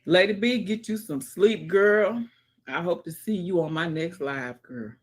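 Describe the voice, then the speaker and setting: Speaking at a measured pace in a lowish voice, a woman runs a casual livestream on her phone mic. She reads comments from viewers with folksy exclamations, now and then sinking to a murmur or whisper.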